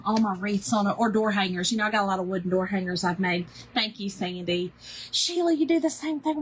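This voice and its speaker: A woman's voice: mid-range voice, breathy edge. A woman hosting a casual craft livestream, chatting in a rambling way, greeting viewers by name and poking fun at herself.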